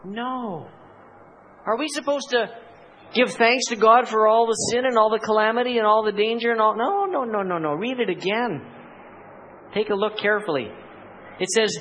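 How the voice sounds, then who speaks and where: A man's voice: high voice, expressive, moderate pace, fairly bright tone, a little hiss or hum, poor audio. A male pastor giving a sermon, asking rhetorical questions and acting out voices in dramatic asides.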